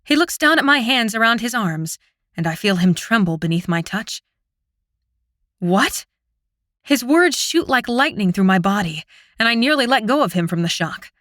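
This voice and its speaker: A woman reads a fantasy audiobook in the first person with expressive, dramatic delivery. Her tone is bright and forceful, and the recording is close and completely dry, with no room sound. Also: on the high side, moderate pace, dry recording. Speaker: audiobook narrator.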